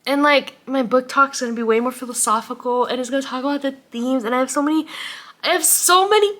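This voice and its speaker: A woman's voice: sits high, quick pace, a bit bright. A tired, tearful woman rambling emotionally about a book in a late-night vlog, sometimes dropping to a whisper. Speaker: book vlogger.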